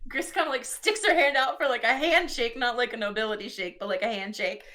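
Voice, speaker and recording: A woman's voice: fairly high pitch, brisk, sharp tone. A woman playing in a tabletop game, bubbly and playful. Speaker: player.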